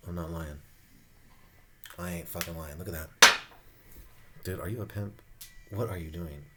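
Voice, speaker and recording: A man's voice: lowish voice, darkish tone, slight background noise. A man giving a casual skincare review at home, campy, profane and playful, laughing often. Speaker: beauty vlogger reviewing skincare.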